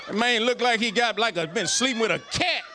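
A pastor preaching a folksy, joking sermon. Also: male voice, very high voice, brisk, a crowd in the background, background noise.

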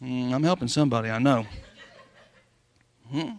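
A man preaching a sermon as pastor to his congregation, calling for amens and reading scripture slowly and loudly. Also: medium pitch. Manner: preaching with call-and-response, slowing and rising to read scripture. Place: church sanctuary before a congregation.

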